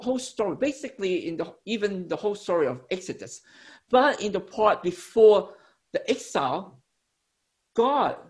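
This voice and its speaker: A preacher delivers a teaching sermon with a voice that rises and falls freely. The speaker explains ideas step by step for the congregation. Phrases often stop and restart as they self-correct. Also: medium pitch.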